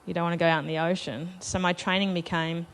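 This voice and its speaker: A woman's voice: fairly low pitch, level tone, fast talker. A woman telling a personal story to a live festival audience, chatty and self-deprecating, laughing between lines. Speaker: festival panel speaker.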